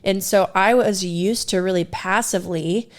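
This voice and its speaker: A woman's voice: medium pitch, moderate pace. Woman, podcast co-host, candid and self-deprecating storyteller who laughs often. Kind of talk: casual storytelling.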